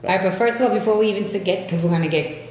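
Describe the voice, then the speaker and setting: A woman from Boston with a softened Boston accent, hosting a casual podcast chat and telling stories in a lively, animated way. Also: medium pitch, racing, echoey room. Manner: animated, lively storyteller voicing quoted people. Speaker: podcast host. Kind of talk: casual chat and promo monologue.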